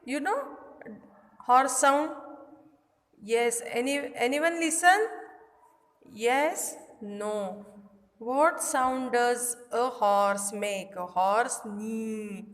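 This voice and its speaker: Woman kindergarten teacher, very slow and patient, simple repeated lines, imitates animal noises, recorded in a reverberant room. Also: fairly high pitch. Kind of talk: recorded lesson for young children. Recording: echoey room with long reverb.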